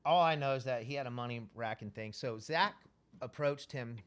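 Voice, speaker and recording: Guy telling a wild story on a podcast, swears a lot, does everyone's voices, animated. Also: mid-range voice, moderate pace, smooth. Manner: profane, animated, acts out quoted dialogue. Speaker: podcast guest. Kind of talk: casual storytelling.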